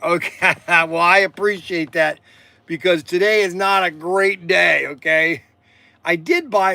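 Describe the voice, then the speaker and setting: Middle-aged man, livestream shop host; high bright voice, rambling and chatty, dry close sound. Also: a little slow, gravelly, no echo. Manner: rambling storytelling with frequent restarts and fillers. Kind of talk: casual livestream chat.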